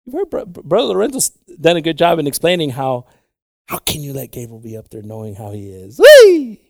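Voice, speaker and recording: A man preaching a bilingual sermon with passion, dropping to hushed whispers and rising to shouts. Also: mid-range voice, animated, a little fast, gravelly, no echo, clean studio sound.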